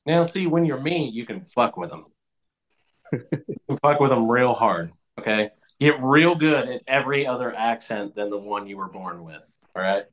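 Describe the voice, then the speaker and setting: A man co-hosting a podcast, chatting casually and telling profane, animated jokes. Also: mid-range voice, moderate pace, poor audio. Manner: animated, profane joking storyteller. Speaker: podcast co-host.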